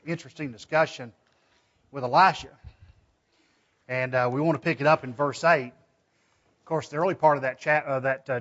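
A man's voice: medium pitch, fairly bright tone, muffled recording. A man preaching a Bible study in a folksy, conversational way, reading scripture aloud with his own asides. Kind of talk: sermon.

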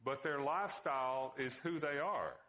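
A man voicing a friendly, easygoing neighbor who gently persuades, in a read-aloud story. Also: mid-range voice, normal speed, voice pushed up, close to an everyday voice, low-quality recording.

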